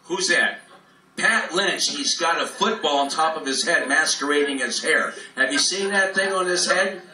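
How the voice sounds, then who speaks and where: Performing a live stand-up set before an audience in a club room, a male comedian launches into a profane, rambling, ad-libbed rant. His voice is fairly high, pushed, and bright, at a moderate pace. A distant mic catches roomy echo and faint room noise.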